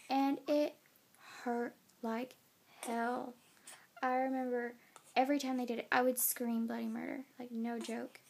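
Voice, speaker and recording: A young woman with a somewhat high voice tells her story into a phone camera. She sounds tired and yawns now and then. She talks casually, with plenty of fillers. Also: flat delivery, moderate pace, darkish tone. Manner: chatty, many "like" and "um" fillers. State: tired, yawning. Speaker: new mother.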